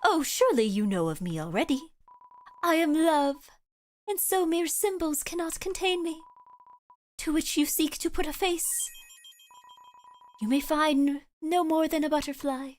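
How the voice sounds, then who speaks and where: A woman voicing a theatrical flower spirit of love, reading its lines in a grand, measured, Shakespearean way. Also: high voice, slight background noise, pitched above the performer's own voice. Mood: lofty. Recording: faint game music behind.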